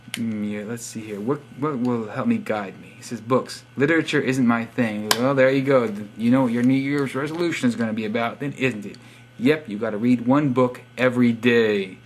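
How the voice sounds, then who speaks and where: A man's voice: medium pitch, background noise. A young man reading out subscriber profiles in a casual, sarcastic, teasing monologue. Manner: sarcastic teasing, reads profiles aloud with wry asides. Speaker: vlogger giving subscriber shoutouts.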